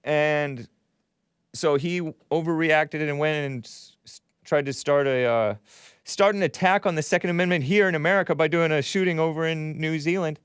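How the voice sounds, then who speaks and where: A man's voice: a little high, normal speed, smooth, dry recording, clean studio sound. A man hosting a talk show, delivering a casual monologue in a sardonic, mocking tone and laughing at his own remarks.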